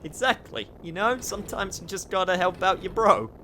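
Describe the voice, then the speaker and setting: A man's voice: high-pitched, normal speed, pushed and bright, slight background noise. A man casually commenting on a game he is playing, chatting to viewers and swearing now and then. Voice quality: chatty, swears, talks to chat. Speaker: streamer. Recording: faint game music behind.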